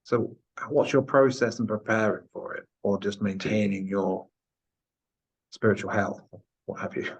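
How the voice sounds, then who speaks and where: A man's voice: fairly low pitch, a little slow, husky. A man hosting an interview, asking long searching questions in a rambling, self-deprecating way. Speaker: interviewer, podcast host. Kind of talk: casual interview conversation.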